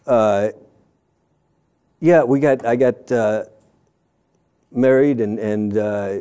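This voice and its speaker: A man's voice: medium pitch, takes it slowly, dark tone, smooth. A middle-aged man, a former church member, telling his story in a candid, rambling way, often stopping himself and quoting what others said. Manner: rambling, self-interrupting, quotes others in passing.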